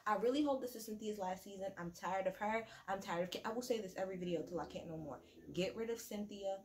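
A woman giving a casual, profane, sassy rant reviewing a reality show, with quick mocking asides. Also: mid-range voice, darkish tone, a little hiss or hum. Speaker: reality TV recap vlogger. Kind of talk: casual ranting recap.

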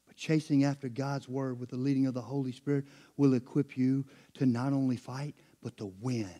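A middle-aged man, preaching a sermon as pastor, dropping to low murmurs and rising to loud, high climaxes.

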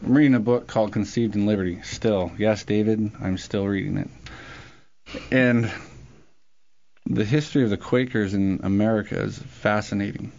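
Radio co-host guy, low voice, opinionated and lively, dull sound. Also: moderate pace, vocal fry. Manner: animated, opinionated. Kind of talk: talk radio discussion.

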